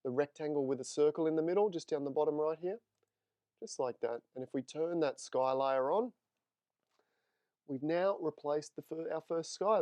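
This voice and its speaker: A man's voice: fairly high pitch, normal speed, dark tone, no echo. A man teaching photo editing in a live screen-share tutorial, chatting with viewers as he works. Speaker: photography instructor.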